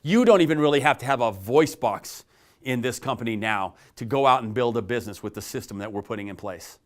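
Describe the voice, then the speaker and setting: A middle-aged man delivers a sales pitch with emphatic conviction. His voice sits at an ordinary male pitch, and he keeps leaning on repeated rhetorical questions to drive each point home. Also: lively intonation, brisk. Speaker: network marketing presenter. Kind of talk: persuasive sales pitch to camera.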